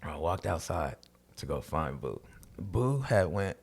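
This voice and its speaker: A man's voice: sits low, big pitch swings, unhurried, vocal fry, breathy edge. A man, a comedian guest, telling a story in loose slangy talk, swearing and laughing as he goes. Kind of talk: animated storytelling with quoted voices.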